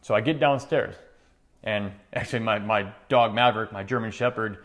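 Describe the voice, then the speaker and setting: A man's voice: on the low side, normal speed. A middle-aged man telling a personal story in an earnest, conversational way, acting out the voices in it. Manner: conversational, earnest, animated retelling with quoted voices. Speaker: motivational speaker. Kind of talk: storytelling monologue.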